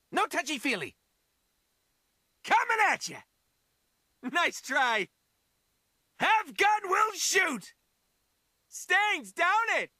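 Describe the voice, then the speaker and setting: Zany wisecracking mercenary. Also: male voice, extremely high pitch, dry recording, studio quality, heavily acted. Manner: zany, taunting, shouting one-liners. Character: manic wisecracking male mercenary who mocks the player. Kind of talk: video game character voice lines.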